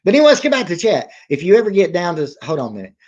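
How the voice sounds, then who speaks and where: A man's voice: sits high, very animated, racing, darkish tone. Guy rambling on his livestream, folksy, laughs a lot, kinda dull lo-fi sound. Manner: rambling, folksy, laughs often, reads chat aloud. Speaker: livestream reaction host. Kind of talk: casual livestream chat.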